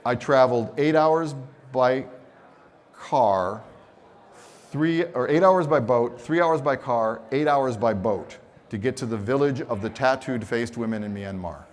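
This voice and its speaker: A man's voice: medium pitch, measured pace. A man giving a live photography seminar on a conference stage, telling stories with humor and acting out quotes. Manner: expressive storyteller, acts out quotes, teasing humor. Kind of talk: animated live seminar talk.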